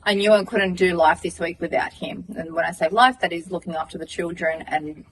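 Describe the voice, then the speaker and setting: A woman's voice: lowish voice, fairly quick, recorded from a distance, a little hiss or hum, poor audio. An Australian woman in her thirties, a podcast co-host, telling a long story in casual chat, swearing and acting out what people said. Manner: animated, swearing, acts out dialogue.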